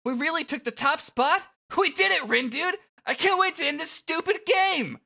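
Someone doing a hyper, squeaky young gamer dude. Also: animated, moderate pace, vocal fry, full character voice. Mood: overjoyed. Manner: shouty, gushing.

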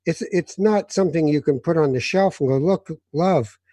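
Male interviewer, measured and thoughtful, warm husky tone. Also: a little high, no echo, clean studio sound. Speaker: interview host. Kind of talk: conversational interview.

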